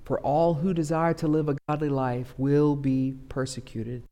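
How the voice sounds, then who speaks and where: A male pastor preaches in a church sanctuary, his fairly high voice carrying a long hall reverb. He swings between loud, pleading outbursts and quiet, low-spoken stretches. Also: level tone, normal speed. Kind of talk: sermon.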